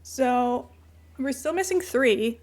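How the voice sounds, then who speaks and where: A woman's voice: high voice, lively intonation, slow, a little mellow. A woman streaming a game in a casual, rambling chat who keeps breaking off to coo at her cat.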